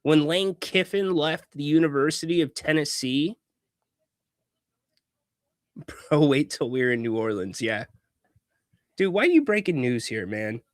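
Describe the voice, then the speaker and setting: Dry, unhurried sports-talk man. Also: fairly high pitch, animated, dry recording. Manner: opinionated, restarts words, chuckles often.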